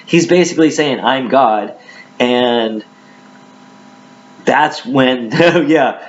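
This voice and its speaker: A man's voice: medium pitch, slow, long pauses. A male pastor giving a casual Bible teaching, chatting through asides between scripture readings. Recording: dull lo-fi recording.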